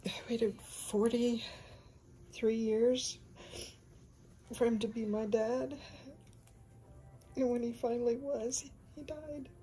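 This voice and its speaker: A woman in her fifties telling a personal faith testimony, soft-spoken and often sinking into a breathy whisper. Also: fairly high pitch, steady tone, slow, long pauses. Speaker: speaker sharing a faith testimony.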